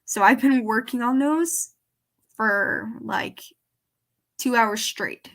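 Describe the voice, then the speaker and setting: A woman's voice: fairly high pitch, slow, creaky, a bit bright. A woman with a Southern country accent, chatting casually as she reacts to her old videos and explains things as she goes. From American South, countryside.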